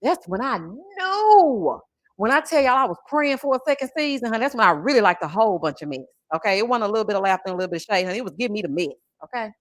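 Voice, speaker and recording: Sassy lady in her 40s, livestream chat, pitch jumping all over, dry close sound. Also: very fast, hardly any pauses, dry recording. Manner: sassy, animated, calls viewers honey and child. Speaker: YouTube reality-TV reviewer. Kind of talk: casual livestream chat reading super chats.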